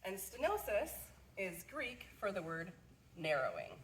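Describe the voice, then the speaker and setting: A woman's voice: medium pitch, huge pitch swings, a little slow, a little hiss or hum, poor audio. A young adult woman, a nursing student, giving a class presentation and explaining step by step with occasional fillers. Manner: explanatory, walks through steps with occasional fillers.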